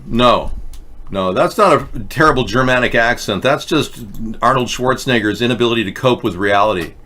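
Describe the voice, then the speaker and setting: A man's voice: mid-range voice, moderate pace, pushed and bright. A man hosting a livestream show, rambling in a joking, conspiratorial way and slipping into mock announcements. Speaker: show host.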